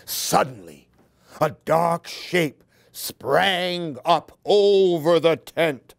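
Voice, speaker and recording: A woman reading picture books aloud to children in a slow, expressive, sing-song way. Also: fairly low pitch, gravelly, no room sound, studio quality. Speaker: storyteller.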